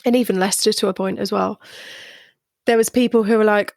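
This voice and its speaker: A woman hosting a podcast, chatting casually and animatedly, quoting people in lively asides. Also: medium pitch, brisk, vocal fry, no room sound, clean studio sound. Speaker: podcast host. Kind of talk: casual conversational interview.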